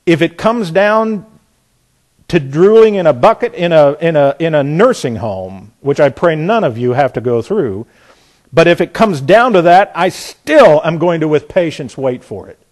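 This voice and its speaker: A man's voice: a little high, sing-song, unhurried. Man preaching, reading scripture. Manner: reads scripture aloud, questions the congregation; builds from soft to emphatic. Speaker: pastor. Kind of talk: sermon.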